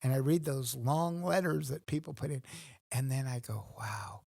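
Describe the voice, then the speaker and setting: Gravelly, husky man telling stories. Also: mid-range voice, moderate pace, darkish tone, dry recording, studio quality. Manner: earnest storyteller, acts out his own thoughts. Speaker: guest. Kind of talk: casual conversation.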